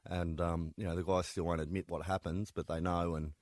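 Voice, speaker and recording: Low-voiced male author, dry sound. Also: level tone, fairly quick, darkish tone, no room sound. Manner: conversational, frequent ums and restarts. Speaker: author of prison books. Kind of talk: interview guest recounting stories.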